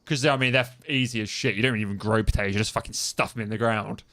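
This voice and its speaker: A man's voice: fairly low pitch, fairly even intonation, quick pace, pushed and bright. A young man streaming a game, chatting casually, swearing freely and laughing often. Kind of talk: casual gaming stream chat.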